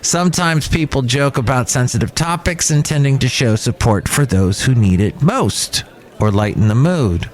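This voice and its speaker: A man's voice: mid-range voice, expressive, moderate pace. A man in his fifties hosting a podcast in a rambling, conversational manner, with frequent restarts. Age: 50s. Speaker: podcast host. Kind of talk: casual chat. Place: cafe.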